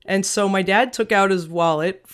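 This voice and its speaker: Smooth-voiced animated woman storyteller. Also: medium pitch, moderate pace. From Long Island, New York. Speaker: auctioneer guest. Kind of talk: storytelling in an interview.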